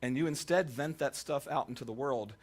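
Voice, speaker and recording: A man's voice: mid-range voice, brisk. A male pastor preaching a sermon to a congregation, telling jokey stories and acting out the quotes. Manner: animated, jokey storytelling with voiced quotes. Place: church sanctuary.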